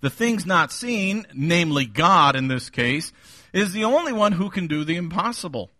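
Animated, bright-voiced male preacher. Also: sits high, normal speed, no room sound, studio quality. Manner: emphatic, repeats key phrases, occasional chuckle. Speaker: pastor. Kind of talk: sermon.

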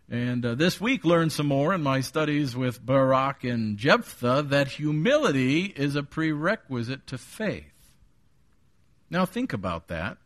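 A middle-aged man preaching an evening sermon, earnest and personal, reading scripture slowly and deliberately. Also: mid-range voice, fairly bright tone. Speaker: pastor.

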